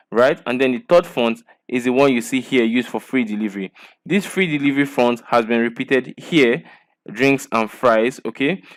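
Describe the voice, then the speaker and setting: A man teaching a design lesson, walking through example designs point by point and checking in with "okay" and "right" after each point. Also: mid-range voice. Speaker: design instructor. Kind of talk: screen-share design lesson.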